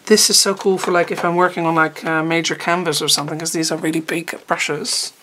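A woman's voice: fairly low pitch, steady tone, brisk, a bit bright. Chatty, rambling woman unboxing art supplies. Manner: chatty, rambling, trailing off mid-sentence. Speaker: art teacher. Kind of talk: casual unboxing chat. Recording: noticeable background noise.

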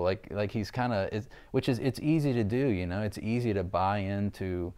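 Deep smooth-voiced actor. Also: male voice, moderate pace, hardly any pauses, a little mellow. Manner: thoughtful, rambling with restarts. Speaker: actor guest. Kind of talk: interview answer.

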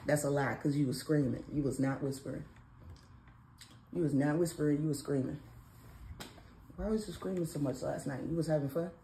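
Chatting teasingly with her son at home in the morning, a mother and vlog host has a low, warm, steady voice that moves fairly quickly but with long pauses. The mood is playful and sing-song, and the phone recording carries echo and faint background noise.

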